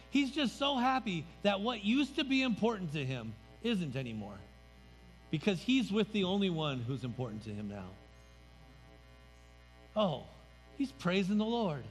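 Animated high-voiced preacher in a reverberant hall. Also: male voice, normal speed. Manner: conversational, emphatic, pitch drops at phrase ends. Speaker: pastor. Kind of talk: sermon. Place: church sanctuary. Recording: reverberant hall, faint music.

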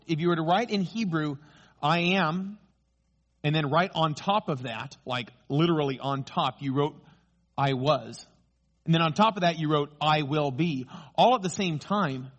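A man preaching a sermon, emphatic, slowing down on key phrases and rising when excited. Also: a little high. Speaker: pastor.

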